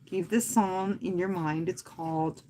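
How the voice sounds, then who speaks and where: A woman who hosts live fitness classes, talking earnestly and from the heart to her viewers in a casual livestream, often pausing and speaking softly. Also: on the low side, fairly even intonation, a little hiss or hum. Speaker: fitness instructor and livestream host.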